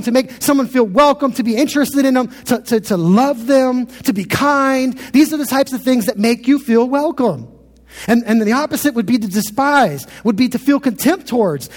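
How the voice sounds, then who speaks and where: A man's voice: very high voice, big-room sound. A man in his thirties preaching a sermon as pastor, earnest and often repeating words as he builds a point.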